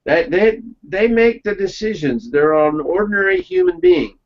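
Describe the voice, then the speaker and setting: A man's voice: high voice, very animated, normal speed, creaky. A man presenting a webinar, telling folksy business anecdotes in a casual round-table chat and checking in with his listeners. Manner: folksy storytelling, checks in with "okay?". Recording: dull lo-fi recording.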